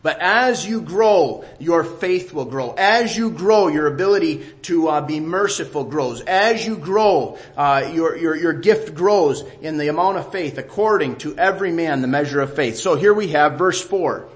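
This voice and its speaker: Middle-aged man, sermon, fairly high voice, emphatic, repeats his phrases. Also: a little slow, hardly any pauses. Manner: emphatic, repeats key phrases, drops to a quiet voice for asides. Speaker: preacher.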